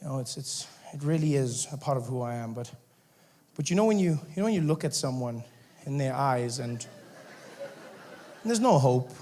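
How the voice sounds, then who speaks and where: A man performing a stand-up comedy set on stage, telling stories with animated, mock-indignant bursts. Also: mid-range voice, moderate pace, long pauses. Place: comedy stage before live audience.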